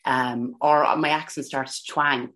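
A woman's voice: very deep voice, steady tone, unhurried, fairly bright tone. An Irish woman from Ireland chatting as a guest in an interview over a remote call, talking freely with plenty of ums and restarts in a self-deprecating way. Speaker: guest, country singer. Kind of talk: casual interview chat.

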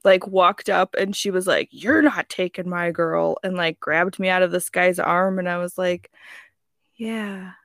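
A woman's voice: on the low side, fairly even intonation, measured pace, a bit bright, dry recording, studio quality. A woman in her twenties on a podcast, telling a rambling story with lots of giggles. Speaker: podcast co-host. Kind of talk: casual storytelling chat.

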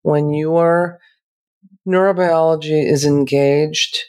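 A woman talking as a therapist on a podcast, calm and measured, slowing down to make her points. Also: low voice. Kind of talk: reflective podcast conversation.

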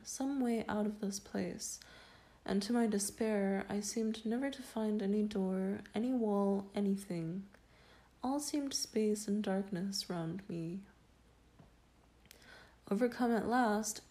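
A woman narrates an old first-person tale in a slow, measured way. Her voice is mellow and dark, with a solemn, dramatic reading pace. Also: medium pitch. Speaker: reader.

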